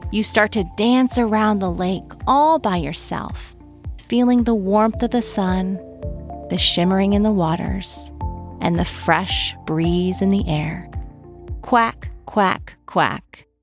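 A woman gently telling a guided story to young children and asking them questions as she goes. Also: medium pitch, slow, faint music behind. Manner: gentle, asks the listener questions.

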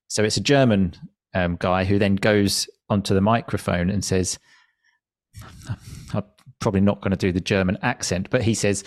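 A man's voice: fairly low pitch, moderate pace, dry recording, studio quality. A man who teaches English, telling a story in an easy, rambling conversational way. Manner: relaxed, anecdotal, with fillers like "like".

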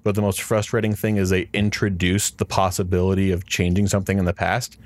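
A man with a very deep, low voice talks in a casual chat. His sound is dry, with no room around it. He is blunt and ready to argue. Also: flat delivery, fairly quick, a little mellow, no room sound. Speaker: podcast co-host.

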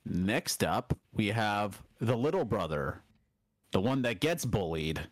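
A man's voice: fairly low pitch, lively intonation, dry recording. A man co-hosting a casual podcast lesson, joking and steering through a word list. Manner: joking, drawn-out prompts, leads the word list. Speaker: podcast co-host, learner.

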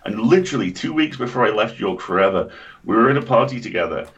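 A man's voice: fairly low pitch, quick pace, highs cut off. A man with an English accent, co-hosting a casual podcast chat and telling stories with lots of swearing. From England. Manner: swears freely, animated storyteller. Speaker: podcast co-host.

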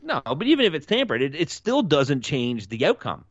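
A man co-hosting a casual podcast chat, animated and quick to laugh. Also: fairly high pitch, no room sound. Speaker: podcast co-host. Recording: dull lo-fi mic.

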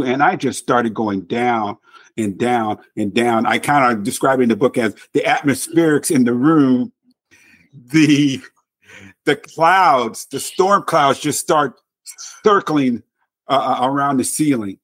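A man's voice: medium pitch, slow pace. A man, a podcast guest and author, recounting a painful personal story in an earnest, emotional way, often repeating words for emphasis.

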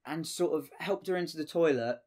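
A man's voice: on the high side, a little fast, a little mellow. A young man telling a rambling, sweary anecdote in casual chat, full of fillers.

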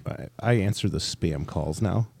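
A man's voice: low-pitched, normal speed, gravelly, darkish tone, breathy edge, no echo. A man co-hosting a casual podcast chat, blunt and joking. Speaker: podcast co-host.

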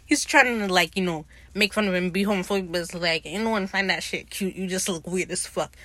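A woman's voice: fairly low pitch, a little fast, fairly bright tone, dry recording. A woman hosting a podcast, giving a casual, slangy and profane recap of a TV episode. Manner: slangy, profane, retells scenes by acting out lines.

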